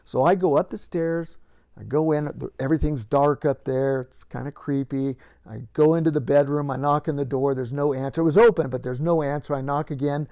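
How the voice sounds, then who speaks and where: An older man, a retired police officer, tells a story from his career to the camera and builds lively moments into it. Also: fairly high pitch, fairly quick.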